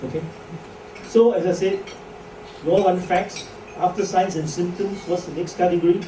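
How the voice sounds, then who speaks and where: A man's voice: sits high, fairly even intonation, moderate pace, dark tone. Man lecturing in an echoey hall. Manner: chatty, joking, many rhetorical questions. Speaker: doctor lecturing to doctors. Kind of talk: medical lecture. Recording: echoey hall from far off, faint noise.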